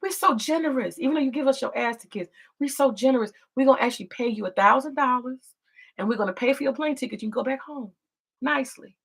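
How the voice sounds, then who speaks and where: A woman's voice: high-pitched, quick pace, fairly bright tone, husky, voice pushed up, full character voice. A woman voicing her country as a smug character who speaks with mock sweetness. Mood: mock-sweet. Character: the country personified, smug and falsely generous.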